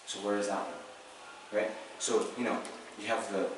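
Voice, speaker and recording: A male Buddhist teacher with a somewhat low voice gives an informal Dharma talk to students in a meditation hall, keeping a level tone and measured pace. He speaks conversationally, often checking in with "right?" and correcting himself. The recording is echoey, with a distant mic and audible noise.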